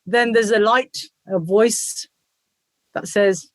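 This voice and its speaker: A British woman in her forties chatting as an interview guest, energetic and animated, acting out quoted voices. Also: a little high, slow pace, long pauses, no room sound. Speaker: guest, dhol player and group founder. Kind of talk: casual interview chat.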